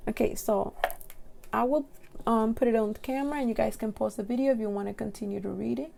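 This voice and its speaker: A young woman with a non-native English accent giving a casual tarot reading to camera, giggling often and reading card text slowly and carefully. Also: a little high, fairly even intonation, gravelly, a little mellow, a little hiss or hum.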